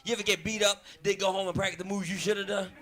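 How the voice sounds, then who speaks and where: A man's voice: high voice, rapid-fire. A man doing a stand-up comedy set and hosting the show, swearing freely and acting out every quote. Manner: loud, animated, swearing, acts out quotes. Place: comedy club stage. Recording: comedy club with audience noise.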